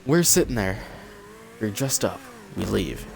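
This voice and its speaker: A young man tells a story on his vlog in a relaxed, chatty way. He gets animated and acts out what people said. His voice sits fairly low, with a faint hiss underneath. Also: unhurried, creaky. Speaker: vlogger. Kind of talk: casual storytime. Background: cat in the room.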